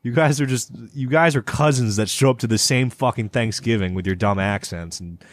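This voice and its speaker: A man's voice: mid-range voice, a little fast, dry recording, studio quality. A man co-hosting a podcast, chatting casually in a rambling way, with lots of stumbling restarts and swearing. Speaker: podcast co-host. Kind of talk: casual chat.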